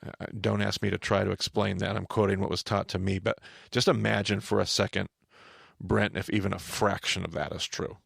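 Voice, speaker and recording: A man with a low, gravelly voice teaches scripture as a podcast host, talking in animated bursts and tossing questions to his co-host. The sound is dry and close, with no room around it. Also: fairly quick, no echo. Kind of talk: conversational Bible teaching.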